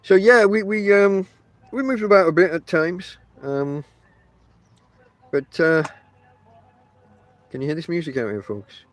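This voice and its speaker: A man's voice: high voice, a little slow, long pauses. A man from Barnsley with a Northern English accent, hosting a casual rambling podcast monologue from a tent and talking straight to his listeners. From Barnsley, South Yorkshire, England. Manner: chatty, addresses listeners directly, many fillers. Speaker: podcast host. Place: inside a tent outdoors.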